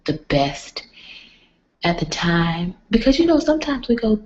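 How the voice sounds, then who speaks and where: Woman vlogger, live at night, hushed and slow, lower voice, muffled lo-fi stream sound. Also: big pitch swings. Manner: keeps her voice down, often near a whisper. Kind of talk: casual live-stream chat with motivational talk. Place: home at night with others asleep. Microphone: computer mic on a live video stream. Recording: dull lo-fi stream audio.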